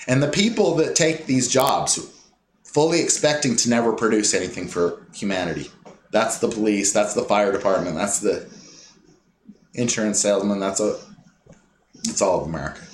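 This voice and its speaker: A man delivering a rambling, scornful ranting monologue, mocking other people in quick put-on impressions. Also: on the low side, slight background noise. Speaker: commentator. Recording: echoey room with faint ambience.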